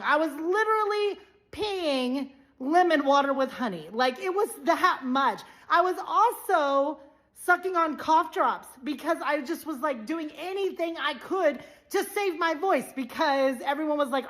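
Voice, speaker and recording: A woman's voice: sits high, animated, fairly bright tone. A woman talking in an effusive, rambling way in a casual social media video. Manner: effusive, rambling, talks fast.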